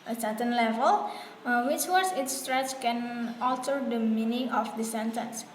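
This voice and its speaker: This classroom presentation comes from a woman with Indonesian as her first language, who reads unhurriedly from notes in a slightly high voice with fillers and restarts. Her room echoes and carries faint noise.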